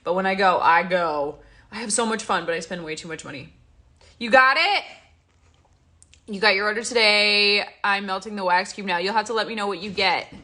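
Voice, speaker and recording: Stuffy-nosed and yawning, a livestream host chats in a rambling way, reading out viewers' comments and responding as she goes. Her mid-range voice is bright and forceful, and she talks fairly quickly.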